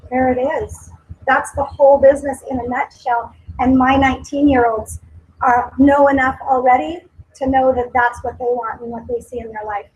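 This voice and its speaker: High-pitched woman giving an emotional pep talk. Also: fairly even intonation, normal speed, slightly rough, rough recording. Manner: earnest, emotional, emphatic repetition. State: tearful at times. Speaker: company speaker at a sales meeting. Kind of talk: motivational speech.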